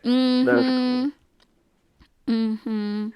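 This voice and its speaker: A woman around forty chats on a podcast in a slightly high, unhurried voice. She rambles, laughs through her own stories, and circles back mid-sentence. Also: little pitch movement, heavy background noise. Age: about 40. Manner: rambling, laughs often, trails off and restarts. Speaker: podcast co-host. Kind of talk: casual chat.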